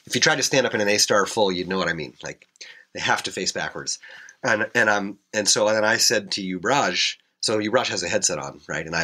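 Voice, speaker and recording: Man, helicopter pilot guest, deep husky voice with a bright edge, loose rambling storyteller. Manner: rambling, many fillers and restarts. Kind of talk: casual storytelling interview.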